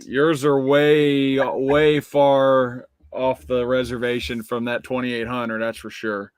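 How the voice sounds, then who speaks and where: A laid-back man co-hosting a casual sports betting chat, his voice middle-pitched and close in a dry, dead room. He speaks in a measured way and often restarts his sentences. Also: flat delivery, smooth, no echo. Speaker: podcast co-host.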